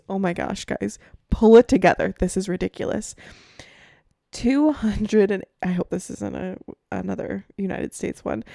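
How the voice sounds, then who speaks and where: A woman podcast host chatting casually, with lots of "like" and "um" and frequent laughs. Her voice has a gravelly fry at a middle pitch, recorded dry and close. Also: warm tone, no echo. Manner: chatty, many fillers like "like" and "um", laughs often. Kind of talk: casual chat.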